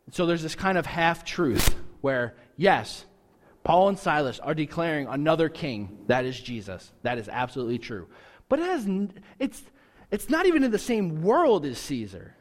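A man preaching with a somewhat high voice that trails into a long hall reverb. He keeps it lively and playful, doubling back on his words as he goes. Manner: lively, joking, repeats words when restarting. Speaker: pastor. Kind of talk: sermon.

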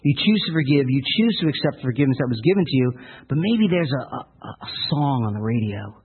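A man's voice: medium pitch, very animated, quick pace, breathy edge. A male pastor preaching a sermon in an earnest storytelling manner, often repeating words. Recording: tinny phone-like lo-fi sound.

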